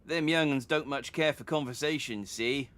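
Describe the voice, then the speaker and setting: A man with a medium-pitched, fairly bright, natural voice reads game dialogue at a moderate pace. He plays a chatty, folksy middle-aged merchant using a put-on rustic English accent, friendly and homely, drawling and dropping letters.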